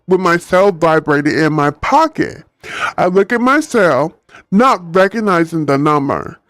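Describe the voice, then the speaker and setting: Man reading a novel aloud, animated. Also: a little high, dry recording. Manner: animated, chatty, laughs at own jokes.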